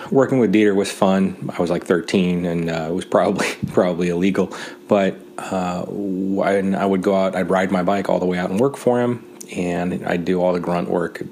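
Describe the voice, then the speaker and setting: Deep-voiced man telling a story. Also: a little hiss or hum. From Great Falls, Montana, USA. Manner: relaxed, wry, with fillers and pauses. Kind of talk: casual personal anecdote.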